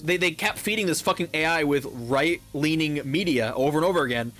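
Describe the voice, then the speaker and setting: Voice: mid-range voice, brisk, a bit bright, soft background music. A gaming YouTuber ranting over gameplay in a heated, profane way, often repeating words.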